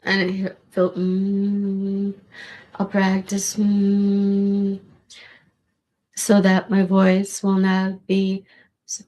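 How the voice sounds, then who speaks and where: A woman with a gravelly voice, rambling casually in a monologue with restarts and swearing. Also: mid-range voice, completely flat delivery, extremely slow, long pauses, dark tone. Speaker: vlogger.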